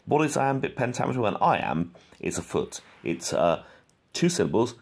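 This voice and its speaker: A man giving an informal, rambling lesson on poetry, with many fillers, who reads verse aloud slowly. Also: sits low, very animated, creaky, breathy edge. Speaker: poetry teacher.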